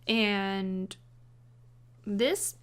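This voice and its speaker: A woman rambling casually about how she would rewrite a film, sarcastic, with quick restarts. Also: mid-range voice, clear, resonant tone. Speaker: video essayist.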